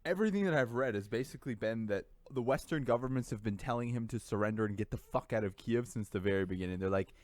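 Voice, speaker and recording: A man's voice: mid-range voice, fast, hardly any pauses, darkish tone, no echo. A man co-hosting a casual podcast chat from a room at home, blunt and profane, heating up as he rants. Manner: blunt, profane, heats up when ranting. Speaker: podcast co-host.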